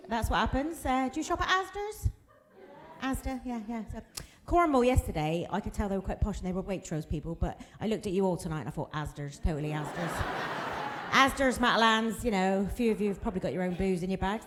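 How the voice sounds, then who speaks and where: A woman's voice: on the high side, a little hiss or hum. A woman, doing a bawdy stand-up set and chatting with the crowd. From Plymouth, England. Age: 40s. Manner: bawdy, chatty, laughing at her own jokes, quizzing the crowd. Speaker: stand-up comedian. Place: comedy club room.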